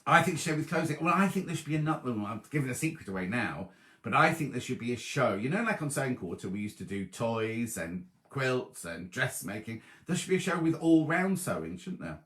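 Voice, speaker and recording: A man's voice: medium pitch, big pitch swings, brisk. A middle-aged man hosting a casual live stream, reading out viewers' messages and greeting them by name. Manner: chatty, reads viewer messages aloud, warm greetings. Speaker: host of a live sewing chat stream. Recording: roomy echoey live stream.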